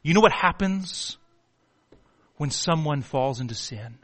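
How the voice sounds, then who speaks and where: A man preaching a sermon with passion, swinging from hushed pleading to near shouting and stumbling over words when worked up. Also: on the high side, animated, takes it slowly, slightly rough. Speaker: pastor.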